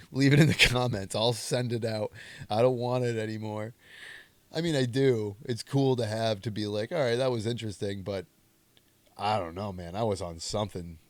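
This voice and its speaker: A young man with a lowish voice hosts a comedy movie podcast, rambling through casual film commentary and joking at his own expense. The recording has no room sound.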